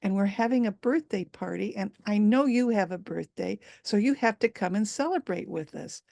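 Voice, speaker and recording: A brave young village girl speaks firmly and plainly, as a woman storyteller puts her on. The voice has a gravelly edge and sounds close and dry. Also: medium pitch, moderate pace, darkish tone, dry recording, close to an everyday voice. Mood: determined. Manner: plain and resolute.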